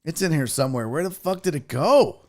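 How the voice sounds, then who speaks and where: A man's voice: on the high side, lively intonation, a little fast. A man hosting a live sports talk show, chatting loosely with viewers in a rambling, profane way. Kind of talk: casual live-stream chat.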